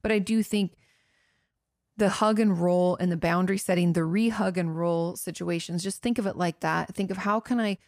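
A woman's voice: lowish voice, fairly even intonation, moderate pace, a little mellow, no echo, studio quality. A woman host and therapist talking through listener questions in an earnest, conversational way, full of "you know" asides. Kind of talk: casual advice talk answering listener questions.

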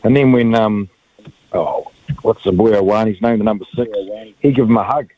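Brief: New Zealand male caller, low voice, rambling, phone-line sound. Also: normal speed. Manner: rambling, enthusiastic.

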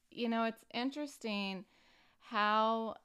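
A woman hosting a personal recovery podcast, talking earnestly and unhurriedly with frequent fillers and pauses. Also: fairly high pitch, a bit bright, clear, resonant tone. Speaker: podcast host.

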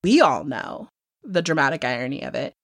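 A woman co-hosting a casual true crime podcast, telling the case in an animated way, swearing freely and acting out what people said. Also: extremely low pitch, brisk, no room sound, clean studio sound. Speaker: podcast co-host.

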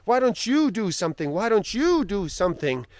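A man voicing a despairing man who cries out and pleads with God, his voice rising into shouts. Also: high-pitched, very animated, moderate pace, dry recording, clean studio sound, voice pushed up. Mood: anguished pleading. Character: anguished man crying out to God.

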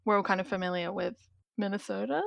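A woman's voice: medium pitch, steady tone, quick pace, gravelly, fairly bright tone, dry recording. A woman with a South Australian accent, a guest on a podcast, chatting in a friendly way and laughing often. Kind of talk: casual film podcast chat.

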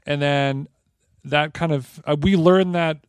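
Smooth-voiced man telling a rambling story. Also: a little high, measured pace, dry recording, clean studio sound. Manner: rambling, animated, frequent restarts and laughs. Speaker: podcast co-host. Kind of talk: casual storytelling chat.

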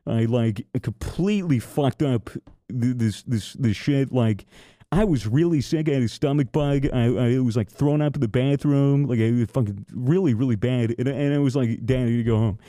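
Young dude podcast host, super mellow dark voice, cussing and restarting, dead dry mic. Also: male voice, medium pitch, moderate pace, dry recording. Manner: rambling and profane, with frequent restarts. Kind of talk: casual storytelling chat.

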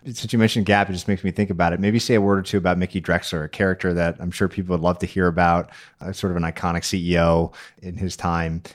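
A man's voice: low-pitched, little pitch movement, fast talker. A man hosting a podcast, asking thoughtful, searching questions and thinking aloud as he frames them. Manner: reflective, thinks aloud while framing questions. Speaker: podcast host. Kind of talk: interview questions.

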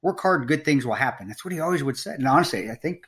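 A man's voice: mid-range voice, animated, fast, a bit bright. A man hosting an interview podcast, chatting casually and enthusiastically and laughing often. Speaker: podcast host.

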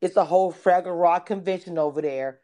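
A woman's voice: fairly low pitch, a little fast, a crowd in the background. Brash woman hosting a chat. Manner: brash, swearing, teasing. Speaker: space host. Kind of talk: casual chat.

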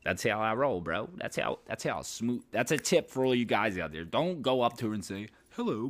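A man's voice: fairly low pitch, a bit bright. A man hosting a podcast, telling a story casually, rambling and swearing with lots of filler. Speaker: podcast host.

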